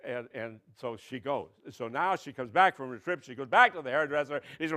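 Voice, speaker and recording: A man emceeing a comedy spelling bee, telling jokes and announcing mock quiz words in a deadpan way. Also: mid-range voice, fairly quick. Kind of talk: stand-up comedy routine. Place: stage at a press club event.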